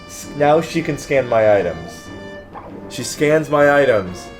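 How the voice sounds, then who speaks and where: A man's voice: medium pitch, lively intonation, slow. A man telling an exasperated, profane story in casual chat while playing a video game with a friend. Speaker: let's play co-host. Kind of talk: casual ranting story over gameplay. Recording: game music playing underneath. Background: game music.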